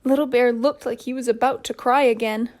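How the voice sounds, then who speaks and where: Woman reading a kids story, calm and gentle, kinda high voice. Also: fairly quick. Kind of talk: children's story narration.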